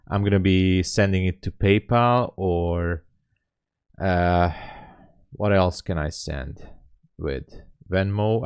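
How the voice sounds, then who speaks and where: A man's voice: low voice, a little mellow, no room sound. A man hosting a live day-trading stream, chatting casually with viewers and greeting them by name. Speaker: livestream host and day trader. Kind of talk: casual livestream chat.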